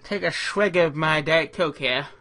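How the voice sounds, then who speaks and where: Male caricature artist, bright voice, casual and rambling, self-deprecating, talks through his drawing. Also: a little high, measured pace.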